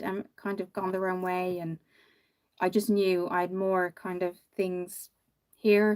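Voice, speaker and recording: A tired woman from Ireland with a mixed Irish accent, chatting casually with viewers on a makeup livestream and reading out their comments. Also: fairly low pitch. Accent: Irish, not tied to one county, with some American mixed in. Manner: chatty, sympathetic, trails off quietly mid-thought. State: tired after one hour of sleep.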